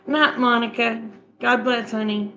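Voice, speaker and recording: A woman's voice: a little high, fairly even intonation, unhurried, sharp tone, muffled recording. A middle-aged woman chatting casually with her viewers and walking them through a recipe in a homespun, repetitive way. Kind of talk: casual chat, recipe instructions.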